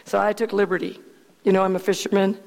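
A woman telling a personal story to an audience in a lively, chatty way, laughing often and restarting her sentences. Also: mid-range voice, fast talker, gravelly, big-room sound, a little hiss or hum. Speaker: speaker telling a testimony.

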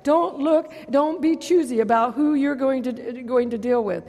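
High-voiced woman pastor; sermon, loud-to-hushed swings, amen call-outs; long hall reverb. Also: unhurried.

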